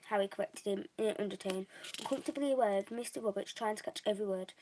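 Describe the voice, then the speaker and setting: A woman's voice: medium pitch, fast, warm tone, slight background noise, poor audio. A young woman reading a novel aloud, unpolished, with small restarts and slips. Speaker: reader.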